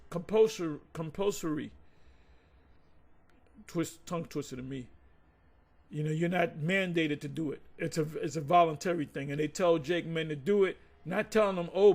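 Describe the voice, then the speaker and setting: A man reading scripture aloud in halting bits, then breaking into loose ranting commentary full of restarts and stumbles. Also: high-pitched.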